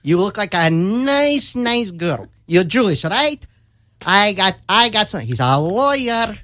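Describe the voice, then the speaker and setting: A loud, insistent old grandmother in her seventies or more, with a thick Yiddish accent, pitched well up and singing her lines as she tries to set up her grandson, as a man puts her on. She talks close to the mic in a dry, dead room. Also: big pitch swings, slow pace, dry recording, exaggerated voice. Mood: pushy. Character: pushy old Jewish grandmother matchmaking.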